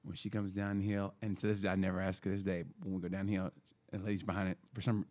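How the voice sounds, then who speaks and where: A man in his fifties, co-hosting a comedy podcast, telling childhood stories in a profane, animated way with sound effects. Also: low voice, racing. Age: 50s. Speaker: podcast co-host. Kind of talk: casual comedic storytelling.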